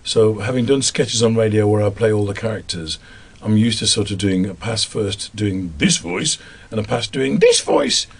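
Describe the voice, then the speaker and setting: A man with a Black Country accent from the English Midlands, a voice actor, answers interview questions about his work, chatty and quick to laugh at himself. His voice sits on the low side, slightly rough, with a steady tone and moderate pace.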